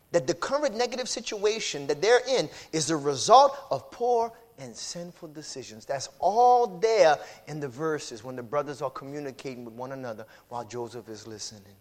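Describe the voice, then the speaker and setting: A male preacher giving a sermon in a colloquial, repetitive style that builds from quiet explanation to shouted exclamations. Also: sits high. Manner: colloquial, uses y'all.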